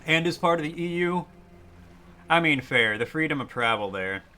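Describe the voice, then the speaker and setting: A man's voice: a little high, expressive, normal speed, pushed and bright. A young man chatting casually while streaming a game, joking, rambling and reacting to chat.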